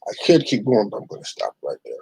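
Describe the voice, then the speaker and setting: A man's voice: lowish voice, huge pitch swings, fast talker, vocal fry, darkish tone, breathy edge, no room sound, low-quality recording. A middle-aged man hosting his own online show, ranting bluntly and profanely, rambling with restarts. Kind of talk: casual ranting monologue.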